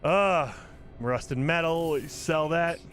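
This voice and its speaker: A man giving casual gameplay commentary as a channel host, talking in an animated, exasperated rant. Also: fairly high pitch, very slow, soft background music.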